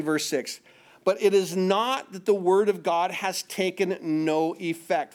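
A high-voiced middle-aged man preaching with emphasis. He keeps asking the room questions and answering them himself in a sermon rhythm. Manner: call-and-response questions, emphatic. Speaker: pastor.

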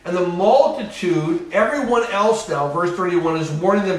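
Echoey preacher man, slightly high. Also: expressive, moderate pace, hardly any pauses. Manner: emphatic, repeats phrases, acts out voices. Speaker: pastor. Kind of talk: sermon. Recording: echoey room, far from mic.

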